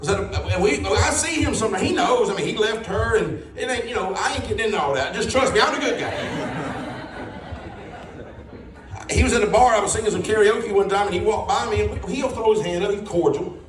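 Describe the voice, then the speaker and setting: A man's voice: sits high, lively intonation, fairly quick, background noise. A man doing a stand-up comedy set, telling rambling folksy stories with punchlines. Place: comedy club stage before a live audience. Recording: roomy club, distant mic, audience laughter.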